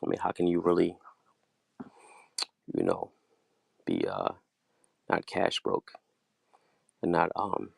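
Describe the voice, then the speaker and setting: A man's voice: deep voice, very animated, takes it slowly, creaky, pauses often, a little mellow, no echo. A man giving a loose, bragging monologue as a streamer, rambling and saying "you know" at nearly every turn. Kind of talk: boastful freewheeling monologue.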